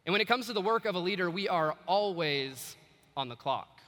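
A man's voice: high voice, expressive, fairly quick, a bit bright. A young man giving a storytelling speech to an audience, acting out bits of dialogue with shifting voices. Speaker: student officer giving a speech. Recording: echoey hall.

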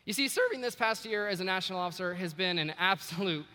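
A man's voice: high voice, lively intonation, fast, pushed and bright, clean tone. A young man giving a storytelling speech to an audience, acting out bits of dialogue with shifting voices. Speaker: student officer giving a speech. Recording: echoey hall.

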